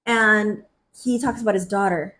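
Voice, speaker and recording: A young woman co-hosting a podcast, telling stories in a lively way, acting out what people said and laughing often. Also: medium pitch, moderate pace. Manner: animated, acts out quotes, laughs often. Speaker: podcast co-host. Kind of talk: casual chat, storytelling.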